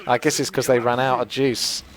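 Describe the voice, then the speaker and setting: A young man hosting a gaming channel, chatting and joking as he thinks out loud through live gameplay commentary. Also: medium pitch, little pitch movement, brisk, a crowd in the background. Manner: chatty, jokey, thinks aloud while playing.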